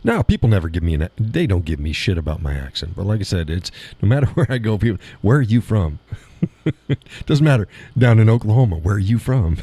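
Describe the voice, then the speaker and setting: A man hosting a live stream and chatting loosely as he reads out viewers' comments. His voice sits low with a dark, mellow color and a husky grain. He rambles and chuckles often. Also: very animated, fast. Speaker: live show host. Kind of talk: casual chat reading audience chat.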